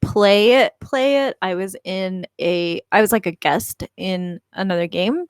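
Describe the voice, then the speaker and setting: A woman's voice: mid-range voice, a little slow, smooth, no echo. A woman co-hosting a casual live-stream chat, laid-back and giggly with dry jokes. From California. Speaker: co-host.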